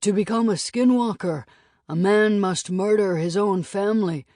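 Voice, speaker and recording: A woman voicing a grave, deep-voiced scout. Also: moderate pace, warm tone, no room sound, studio quality, close to an everyday voice. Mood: solemn. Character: deep-voiced solemn Diné male scout.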